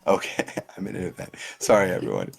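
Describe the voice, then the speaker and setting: A woman with a strikingly deep voice and a husky, breathy edge chats through a live game stream. She swings her pitch around a lot, teasing and coaxing with a playful tone, and laughs easily. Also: very animated, fast. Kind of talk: casual live-stream chat while playing.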